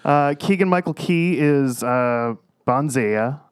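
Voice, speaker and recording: Guy on a podcast reading off a list, laid back, normal pitch. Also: normal speed, crowd noise. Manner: relaxed, lists facts, brief agreements. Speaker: podcast co-host. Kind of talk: casual chat.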